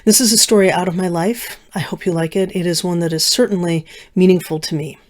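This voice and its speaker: A middle-aged woman storyteller telling a personal story, slowing down with dramatic pauses and dropping to soft, hushed asides. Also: lowish voice, fairly even intonation. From United States. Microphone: video recording.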